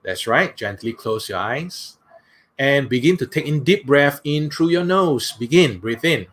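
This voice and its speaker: A man, a workshop speaker leading a guided breathing exercise in a slow, soothing way, often saying "that's right". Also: mid-range voice, expressive, a bit bright.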